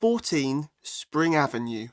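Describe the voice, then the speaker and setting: A woman's voice: low-pitched, sing-song, slow, no room sound, studio quality, full character voice. A woman with a British accent playing a teenage girl who gives her details and spells them out letter by letter in a scripted coursebook dialogue. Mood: plain. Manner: plain, spells out letters one by one.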